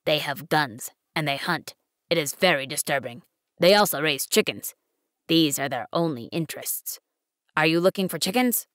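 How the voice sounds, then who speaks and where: A woman voicing a wise, patient male fox in an audiobook, speaking in a measured, earnest way. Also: low voice, animated, fairly bright tone, no room sound, clean studio sound. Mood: matter-of-fact. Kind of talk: audiobook reading.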